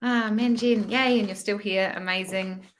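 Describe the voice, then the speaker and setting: A woman's voice: mid-range voice, steady tone, moderate pace, slight background noise. A woman hosting a live-stream tarot reading, who chats affectionately with viewers, calls them "my love" and often ends lines with "hey?".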